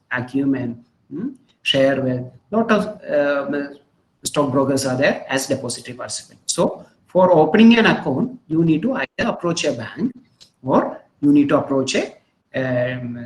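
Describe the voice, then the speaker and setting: Man, Indian English accent, webinar lecture, halting with fillers, echoey room. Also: medium pitch. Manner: frequent "hmm?" check-ins, halting with many fillers. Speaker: webinar presenter on investing. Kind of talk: online lecture with slides. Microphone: video call.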